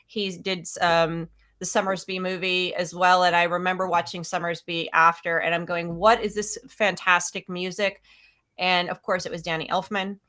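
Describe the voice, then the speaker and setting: A bright-voiced woman chatting on a movie panel. She talks eagerly, stumbles over restarts and laughs along the way. Her tone stays clear and lively. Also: fairly low pitch, moderate pace, hardly any pauses. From lives in the American South. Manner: enthusiastic, restarts and laughs often. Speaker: panelist on a film discussion stream. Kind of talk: casual chat.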